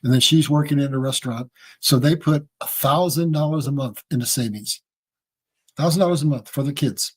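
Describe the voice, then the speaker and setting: A man with a husky voice speaking as an interview guest, explaining in a folksy, emphatic way and addressing listeners as "folks.". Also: mid-range voice, a little fast. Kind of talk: casual explanatory interview talk.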